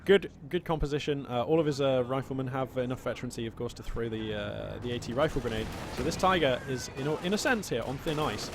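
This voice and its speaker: Male game caster, casual and playful, average pitch, gunfire and engines loud in the mix. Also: noisy background. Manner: chatty, playful, quick excited reactions. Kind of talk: live play-by-play game commentary.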